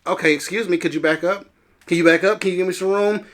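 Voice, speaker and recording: A man's voice: sits high, fairly even intonation, quick pace, fairly bright tone. A man voicing a strange, erratic woman who insists and accuses. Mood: prim.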